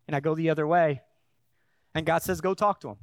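A man preaching a sermon in a church, his voice pitched high and recorded close and dry with no room sound. He tells stories in a chatty way, stumbling and restarting, then builds up to emphatic preaching. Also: fairly even intonation, brisk, no echo. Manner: conversational storytelling with frequent restarts. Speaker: pastor.

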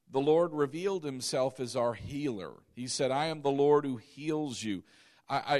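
A man preaching a sermon, asking the congregation questions and building from soft to loud emphasis. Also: medium pitch. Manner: call-and-response questions to the congregation. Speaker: pastor.

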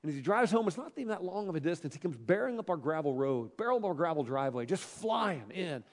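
A middle-aged male pastor telling a personal story in a sermon, animated and emphatic, repeating phrases for effect. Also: on the high side, fast talker, in a large hall.

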